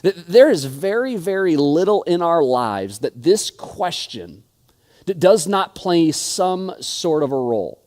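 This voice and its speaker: A man's voice: a little high, big pitch swings, slow, a little mellow. A male pastor in his thirties preaching a sermon, telling stories and often stuttering and repeating words. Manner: frequent stutters and word repeats; storytelling, acting out quoted friends.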